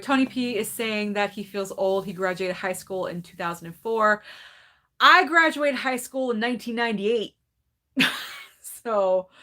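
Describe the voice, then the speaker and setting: A woman of about forty hosts a relaxed livestream, talking straight to her viewers. She is candid and chatty, laughs often and reads out comments in an ordinary mid-range voice. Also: mid-range voice. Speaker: host of a movie club livestream. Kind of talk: casual livestream chat, reading viewer comments.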